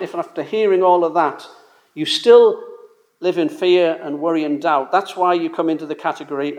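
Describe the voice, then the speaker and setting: A man preaching a sermon in a conversational, emphatic way, full of rhetorical questions and casual asides. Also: fairly high pitch.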